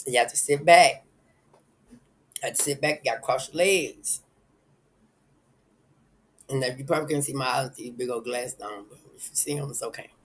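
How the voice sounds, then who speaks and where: A man's voice: medium pitch, normal speed, pauses often, a bit bright, slight background noise, poor audio. A man hosting a casual live stream, rambling and chuckling as he talks straight to his viewers.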